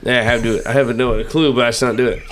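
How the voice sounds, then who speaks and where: A man with a Cajun accent talks loosely as a podcast guest, circling back and losing his point. His voice sits at an ordinary pitch, with a faint hiss of noise behind it. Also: fairly even intonation, rapid-fire, fairly bright tone. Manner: rambling, loses his train of thought. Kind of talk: casual drunk chat.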